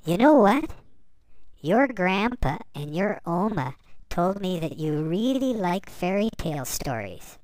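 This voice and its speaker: A woman reading a bedtime story aloud to young children, gently and slowly. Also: fairly low pitch, sing-song, dry recording, rough recording. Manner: gentle, slow, addressing children.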